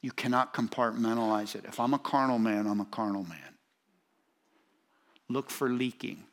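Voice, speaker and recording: A man's voice: medium pitch, fairly even intonation, normal speed. Preacher guy, emphatic, keeps hammering the same point, talks right to the crowd. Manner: emphatic, repetitive preaching with rising intensity; speaks directly to congregation, asides to audience. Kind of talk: sermon.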